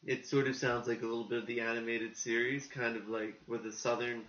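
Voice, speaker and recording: A man co-hosting a casual podcast, talking in an animated, rambling way and acting out the quotes he tells. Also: medium pitch, a little fast. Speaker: podcast co-host. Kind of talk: casual chat. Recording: muffled, echoey room.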